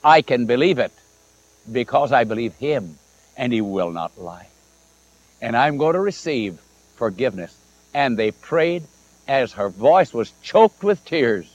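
A man's voice: medium pitch, a little slow, lo-fi sound. A man preaching a sermon, telling stories and acting out the dialogue of the people in them. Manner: animated storytelling, acts out quoted dialogue. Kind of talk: old-time sermon with told stories.

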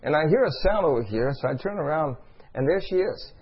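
A man's voice: on the high side, animated, a little fast, breathy edge. A middle-aged male preacher giving a sermon, telling a story and asking the congregation call-and-response questions. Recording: dull lo-fi recording.

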